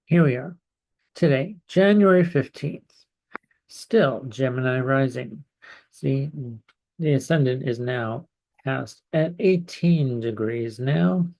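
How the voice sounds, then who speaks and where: Slow, gravelly-voiced man talking. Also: mid-range voice, a little mellow. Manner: slow, hesitant, many pauses and fillers. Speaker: astrologer. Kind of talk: slow casual live-stream talk. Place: home in California.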